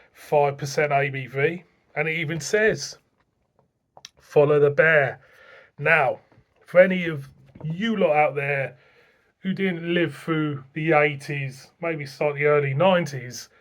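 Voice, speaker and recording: An English man in middle age rambles easily through a casual beer review vlog, chuckling to himself now and then. His voice is a bit bright and sits a little higher than most men's. He comes across as a relaxed, chatty home vlogger.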